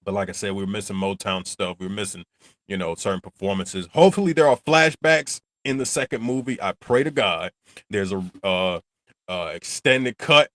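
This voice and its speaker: A man hosts a casual reaction video, rambling freely and breaking into frequent laughter. His speaking voice sits on the low side. The recording is close and dry, with almost no room sound. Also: moderate pace, no echo. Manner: animated, rambling, laughs often. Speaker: channel host reacting to a film.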